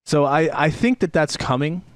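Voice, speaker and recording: A man's voice: fairly high pitch, lively intonation, moderate pace, no room sound, clean studio sound. A man co-hosting a podcast, reviewing a product in casual chat, rambling with fillers and restarts. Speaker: podcast co-host.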